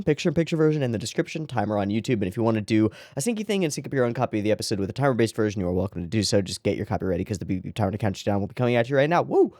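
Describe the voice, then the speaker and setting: A reaction channel host chats over an episode in a loose, rambling way. The voice leaps around in pitch and breaks into giggly, excitable asides. It sits close and dry on the mic. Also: no room sound. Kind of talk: casual reaction commentary.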